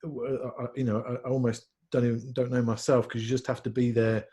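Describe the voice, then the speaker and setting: A man's voice: mid-range voice, level tone, fairly quick, dark tone, husky. A man, a pastor hosting a casual discussion, who hesitates and searches for his words. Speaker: pastor and host.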